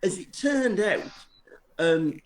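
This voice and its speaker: A man's voice: high voice, expressive, takes it slowly. A man telling a long anecdote to friends on a live stream, rambling and self-deprecating, often restarting his sentences. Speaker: storyteller on a live stream show. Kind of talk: casual anecdotal storytelling. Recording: echoey room with faint noise.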